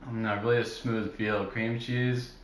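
A man's voice: on the low side, little pitch movement, normal speed, roomy sound, slight background noise. A young man from New Jersey co-hosting a casual podcast chat, goofy and full of surfer slang. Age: young adult. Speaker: podcast co-host.

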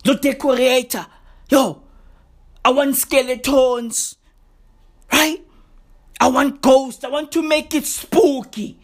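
A woman putting on an eager young partygoer boasting about costume plans in excited slang. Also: sits high, takes it slowly, pauses often. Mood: hyped.

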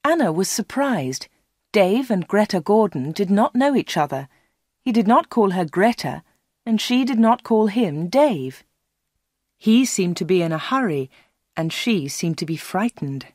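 A woman narrating a storybook slowly and clearly for learners. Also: mid-range voice, darkish tone, no room sound, clean studio sound. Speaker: audiobook reader.

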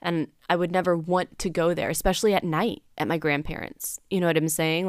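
A woman's voice: fairly low pitch, fairly quick, few pauses, smooth, dry recording, studio quality. A young adult woman hosting a podcast, telling a personal story in a candid, rambling way full of fillers and acted-out dialogue. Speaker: podcast host.

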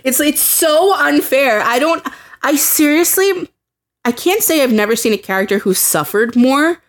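A woman's voice: sits high, lively intonation, moderate pace. Heated young woman podcaster, swears freely. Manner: heated, swearing, acts out quotes. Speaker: podcast co-host. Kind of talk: casual chat.

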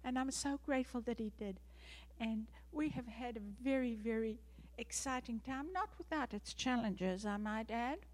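A middle-aged South African woman addresses a church congregation as a missionary. Her voice sits a little high for a woman, and she talks with earnest gratitude, breaking into light laughs. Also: normal speed. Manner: earnest, grateful, laughs often. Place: church sanctuary.

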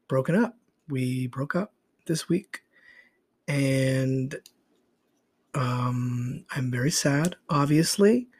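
Husky-voiced man rambling on his podcast. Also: fairly high pitch, a little mellow. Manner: rambling, swearing, confessional. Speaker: podcast host. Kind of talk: casual solo podcast monologue. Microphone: iPhone recording.

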